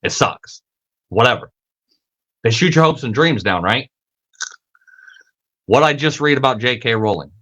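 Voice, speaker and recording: A man hosting his own podcast, talking in a casual, animated monologue. He swears freely, stumbles over repeated words and acts out the voices he quotes. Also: unhurried, pauses often. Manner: acts out quoted voices with big pitch jumps. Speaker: podcast host.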